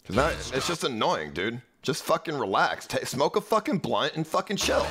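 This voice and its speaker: A man's voice: medium pitch, very animated, normal speed, few pauses, music in the background. A young man live streaming, ranting at his chat in a profane, agitated, repetitive way. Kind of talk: livestream rant at chat.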